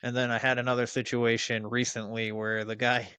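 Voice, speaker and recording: Guy in his 30s, smooth clear voice, cusses a lot, lots of um and like, chatty podcast vibe. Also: mid-range voice, level tone, fairly quick, pushed and bright, no echo. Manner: profane storytelling with frequent fillers and restarts. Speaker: podcast guest. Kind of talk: casual chat.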